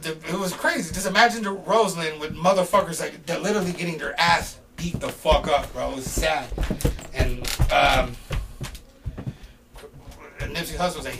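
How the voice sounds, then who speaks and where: A middle-aged man casually telling a story on a podcast, animated and swearing, shouting out the quoted lines. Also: a little high, normal speed, creaky, recorded from a distance, background noise. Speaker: podcast guest.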